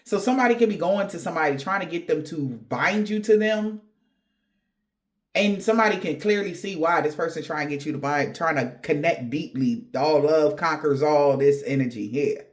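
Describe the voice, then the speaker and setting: A woman's voice: sits low, moderate pace. Woman tarot reader, candid and profane, chatty reading to viewers. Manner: blunt, profane, chatty with laughing asides. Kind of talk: casual spiritual reading to viewers.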